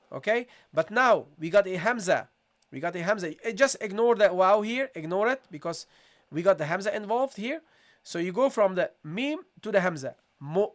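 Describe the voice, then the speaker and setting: A Quran recitation teacher giving a tajweed lesson, patiently repeating syllables slowly for students, with a slight cold and occasional throat-clearing. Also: medium pitch. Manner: patient, repeats sounds slowly, calls listeners "guys". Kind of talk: tajweed lesson, live session.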